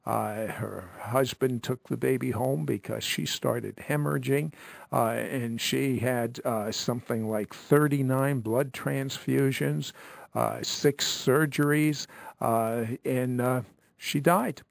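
A man's voice: medium pitch, steady tone, slow, vocal fry, dry recording. A man hosting an interview, summarizing his guest's story with many hesitant fillers. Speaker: host.

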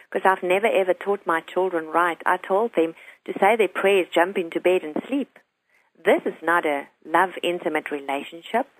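A woman's voice: fairly low pitch, no room sound, poor audio. A woman who is a talk show guest, earnestly telling a personal faith story and quoting her young son's words.

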